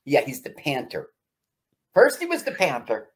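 Husky-voiced, lively podcast co-host. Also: medium pitch, moderate pace. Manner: chatty, asks questions, laughs at the jokes. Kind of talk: casual film commentary.

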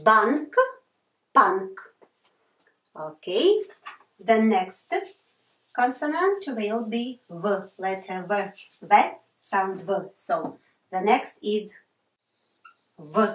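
A woman teaching a pronunciation lesson, slowly naming letter sounds in pairs and repeating example words. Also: medium pitch, animated, darkish tone. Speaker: language teacher. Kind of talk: slow classroom pronunciation lesson. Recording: echoey room from far off.

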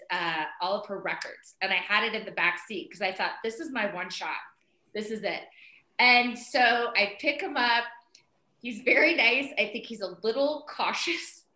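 A middle-aged woman telling a story in casual conversation, animated and chatty, full of "like" and "um" fillers as she quotes herself. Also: on the high side. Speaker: interview guest, mother of the co-founder. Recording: roomy echo.

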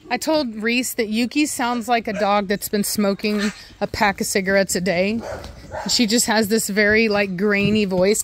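A woman dog breeder chatting casually in a vlog, rambling with many ums and restarts and snapping out sharp commands to her dogs. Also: medium pitch, fairly even intonation, moderate pace, slight background noise. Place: kennel area with several dogs. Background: dogs barking and moving.

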